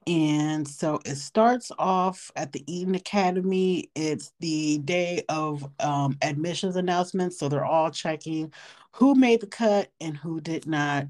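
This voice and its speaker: A woman's voice: sits low, unhurried, darkish tone. A young woman co-hosting a casual podcast, laid-back and slangy, swearing casually. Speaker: podcast co-host. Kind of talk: casual chat.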